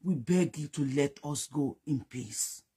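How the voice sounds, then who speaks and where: Yoruba-accented political commentator, very husky and rough, fervent and accusatory, repeats for emphasis. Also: mid-range voice, expressive, unhurried, mellow. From Nigeria. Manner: fervent, accusing, switches between English and Yoruba.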